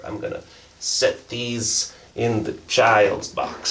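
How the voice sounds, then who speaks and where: A man chatting casually while he unboxes films, excitable and jokey, often bursting into high-pitched exclamations. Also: takes it slowly. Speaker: film vlogger.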